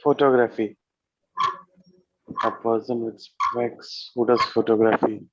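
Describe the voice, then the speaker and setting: A man's voice: mid-range voice, flat delivery, a little slow, no room sound, highs cut off. A man on a video call, talking in a confident, joking way. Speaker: meeting participant. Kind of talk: casual chat.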